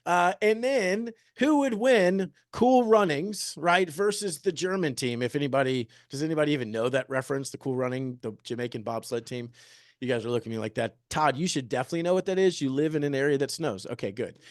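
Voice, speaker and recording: A man in his thirties, a real estate agent giving an energetic, joking motivational talk and peppering the room with rhetorical questions. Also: on the high side, brisk, dry recording, studio quality. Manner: joking, upbeat. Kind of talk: motivational presentation to an audience.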